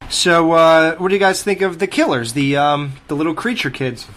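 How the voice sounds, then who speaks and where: Man, podcast co-host, casual film chat, profane, animated, fairly high pitch. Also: moderate pace.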